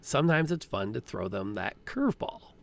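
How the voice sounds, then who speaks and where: A man's gravelly, fry-laden voice chats casually on a live stream. He sounds earnest and reflective as he wraps up his points. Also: fairly low pitch, very animated, normal speed. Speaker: podcast co-host.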